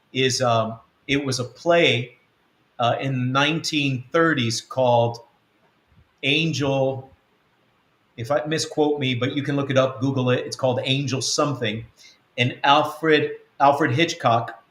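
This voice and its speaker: A man with a mid-range, slightly bright voice teaches conversationally on a web-church show, speaking as a spiritual coach and mentor. He rambles with plenty of ums and acts out snippets of quoted dialogue. The recording has a roomy echo.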